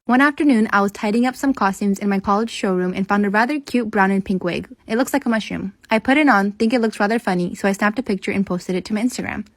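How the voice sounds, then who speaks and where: Fast-reading woman narrating a post. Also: mid-range voice, dry recording. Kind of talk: reading an online advice post.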